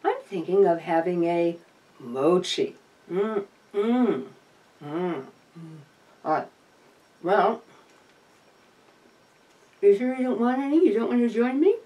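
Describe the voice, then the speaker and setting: Slow, lively-pitched woman, wry and tender. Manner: dry playful humor, coos tenderly to her opossum. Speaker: opossum rescuer and vlogger. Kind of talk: casual chat to camera. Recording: voice somewhat distant from the mic.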